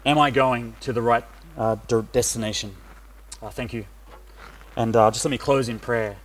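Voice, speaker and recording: A middle-aged man from Australia giving a sermon, pausing often with "uh" fillers. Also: medium pitch, fairly even intonation. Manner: hesitant, many "uh" fillers. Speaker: preacher.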